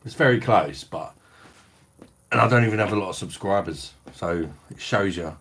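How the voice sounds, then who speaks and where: A man's voice: sits low, moderate pace, fairly bright tone. A middle-aged British man hosting a beer review livestream, chatting bluntly in slang, swearing freely and reading out viewer comments. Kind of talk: casual live-stream chat reading viewer comments.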